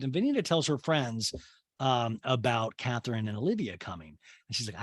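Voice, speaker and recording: A man hosting a casual comedic recap, chatty and sarcastic, with quick asides. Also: medium pitch, animated, dry recording. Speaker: podcast host recapping a reality show.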